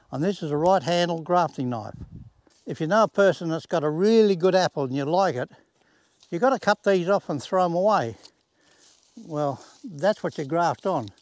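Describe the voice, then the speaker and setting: A man's voice: high voice, no room sound. A man, casually showing a home garden in a plain-spoken, folksy way and using rural sayings. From Australia. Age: 80s. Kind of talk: casual demonstration. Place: outdoors in a garden.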